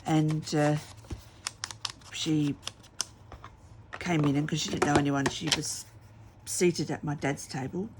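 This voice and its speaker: A woman's voice: deep voice, steady tone, slow, long pauses, heavy background noise. A middle-aged woman, chatting casually and telling rambling stories while she crafts at home. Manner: rambling storytelling with many fillers. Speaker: craft vlogger.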